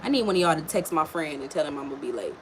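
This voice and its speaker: A woman's voice: sits low, expressive, quick pace, noisy background. A woman giving a casual live-stream tarot and astrology reading, blunt and slangy, swearing and chatting with viewers. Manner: blunt, slangy, swears freely, talks to chat.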